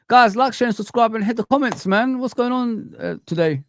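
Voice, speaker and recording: A man hosting a live chat stream, ranting in an animated, exasperated way with repeated phrases. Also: extremely high pitch, brisk, hardly any pauses, no room sound, clean studio sound.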